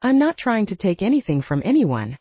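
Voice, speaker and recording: A woman voicing a calm placating band manager. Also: mid-range voice, brisk, no echo, muffled recording. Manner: calm and reasoning. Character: steady middle-aged male band manager, placating.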